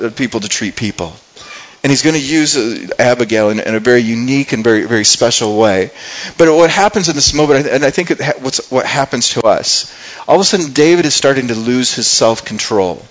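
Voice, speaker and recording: A man's voice: mid-range voice, poor audio. A man preaching a sermon in an earnest, conversational way, often repeating words and acting out the lines he quotes. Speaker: pastor.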